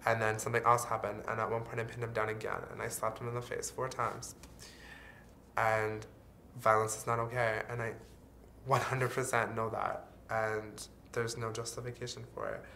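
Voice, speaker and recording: A man's voice: on the low side, little pitch movement, moderate pace, creaky, sharp tone, a little hiss or hum. A man speaking in a candid, earnest confessional vlog, dropping the odd swear word. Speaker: vlogger.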